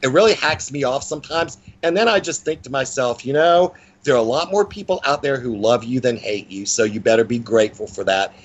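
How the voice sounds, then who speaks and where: A man's voice: mid-range voice, animated, brisk, few pauses, dull audio. Blunt, playful man in his sixties. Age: 60s. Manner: blunt, playful and self-mocking. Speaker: guest psychic. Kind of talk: casual interview talk.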